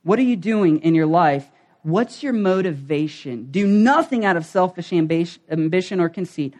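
A middle-aged man preaching a sermon in a conversational, animated storytelling manner. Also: sits high, moderate pace. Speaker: pastor.

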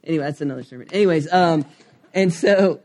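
A man's voice: fairly high pitch, fast talker, a little mellow. A man in his thirties preaching a sermon, telling a personal story candidly, with many fillers and asides. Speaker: pastor.

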